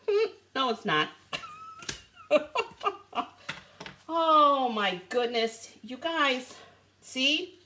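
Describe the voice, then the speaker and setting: Woman host, bubbly live stream chat, higher voice with lots of swing, unhurried. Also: slight background noise. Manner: bubbly, chatty, greets viewers by name; lively rising and falling pitch. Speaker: live stream host showing craft supplies.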